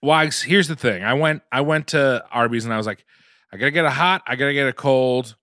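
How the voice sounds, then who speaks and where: A man co-hosting a casual food podcast, talking in a loose, chatty way and breaking in with quick reactions. His voice is bright, picked up close on a dry studio mic. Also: medium pitch, dry recording. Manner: loose, reacts with short exclamations. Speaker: podcast co-host. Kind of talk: casual comedic food review chat.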